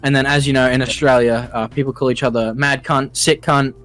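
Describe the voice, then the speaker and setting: A man's voice: medium pitch, fairly even intonation, brisk, fairly bright tone, soft background music. A man co-hosting a casual commentary podcast, explaining things in a laid-back way and swearing casually. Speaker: podcast co-host.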